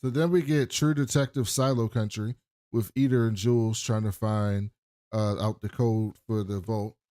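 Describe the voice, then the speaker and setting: A man's voice: lowish voice, fairly even intonation, moderate pace, mellow, clear, resonant tone, no echo, clean studio sound. A man co-hosting a podcast, casually recapping a TV episode in a loose, profane storytelling way. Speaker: podcast co-host.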